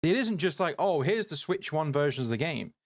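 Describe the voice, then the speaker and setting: A man's voice: fairly high pitch, lively intonation, brisk. A young man streaming a game live, annoyed and ranting at a viewer in chat, repeating himself as he talks. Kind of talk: live gameplay commentary. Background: game music.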